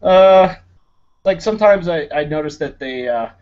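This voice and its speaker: A man's voice: on the high side, lively intonation, normal speed, clean tone, dull audio. A man on a casual podcast, telling stories in a chatty way with laughs and fillers. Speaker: podcast host. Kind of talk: casual chat.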